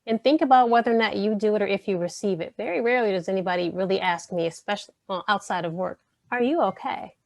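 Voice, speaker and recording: Woman presenter w a gravelly edge, asks the audience gentle questions, dry close sound. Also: mid-range voice, fast talker, hardly any pauses, dry recording. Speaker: panel presenter, counselor educator. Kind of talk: reflective presentation talk.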